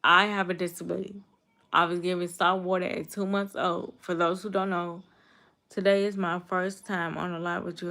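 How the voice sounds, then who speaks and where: A young woman chats on her livestream and answers comments. Her voice is low and gravelly, and she talks in a hurt, halting way, often repeating herself. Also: little pitch movement, fairly bright tone. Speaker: livestream host. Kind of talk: casual live chat reading comments.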